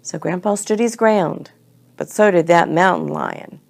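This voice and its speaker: A woman telling a homey family story in an unhurried, conversational way. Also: fairly low pitch, vocal fry. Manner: homey, unhurried, slips between we and they. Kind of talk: storytelling to children.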